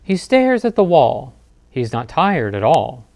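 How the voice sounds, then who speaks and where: Slow, lively bedtime story reader, man. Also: medium pitch, vocal fry, no echo. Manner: slow, expressive read-aloud with dramatic pauses. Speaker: children's librarian.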